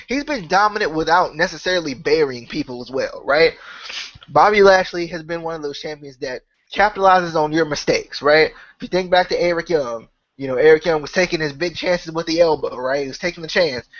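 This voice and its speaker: A man's voice: on the high side, fairly bright tone, no room sound, dull audio. A man hosting a wrestling podcast, his voice sick, talking in a casual rambling way with lots of "right?" and "you know.". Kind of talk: casual solo opinion talk.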